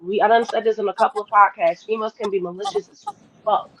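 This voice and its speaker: A woman's voice: medium pitch, steady tone, quick pace, a little hiss or hum. A woman on a podcast panel, talking bluntly and emphatically in casual discussion. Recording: dull lo-fi podcast audio.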